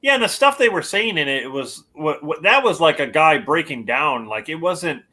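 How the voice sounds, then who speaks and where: Bright, lively-voiced man. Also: a little high, normal speed. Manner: laughing, acting out lines from scenes. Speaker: podcast co-host. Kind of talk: casual movie discussion.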